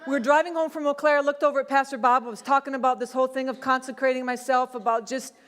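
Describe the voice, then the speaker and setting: A middle-aged woman pastor preaching a sermon, telling a personal testimony in a conversational, animated way. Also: high-pitched, fast talker. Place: church sanctuary. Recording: long church hall reverb.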